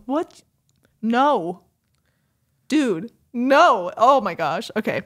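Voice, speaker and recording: A woman co-hosting a podcast in casual chat, teasing and exasperated in an animated way. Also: on the high side, slow pace, pauses often. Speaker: podcast co-host.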